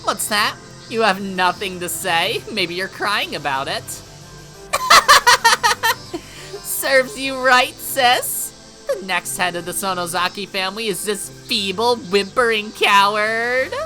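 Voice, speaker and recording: A woman's voice: medium pitch, sing-song, a little slow, hardly any pauses, music in the background, rough recording. A woman voicing a scornful teenage girl, cutting and mocking. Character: scornful teenage girl, sharp-tongued twin. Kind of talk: voiced visual novel reading.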